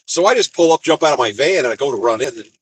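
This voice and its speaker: A man from the United States, an expedite van driver, casually telling rambling stories from the road and jumping into higher voices when he quotes people. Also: lively intonation, very fast, husky, low-quality recording. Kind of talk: casual storytelling.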